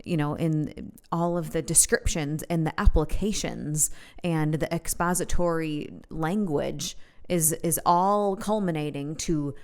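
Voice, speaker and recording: Female co-host, lively and chatty, lower pitch, quick asides. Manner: animated, quick asides, laughs easily. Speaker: podcast co-host. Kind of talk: casual Christian podcast conversation.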